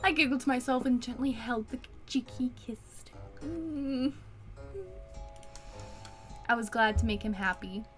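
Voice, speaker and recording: A woman's voice: a little high, a little fast, hardly any pauses, faint music behind. A woman casually playing and reading a romance visual novel aloud, joking and swearing along the way. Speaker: game player and reader.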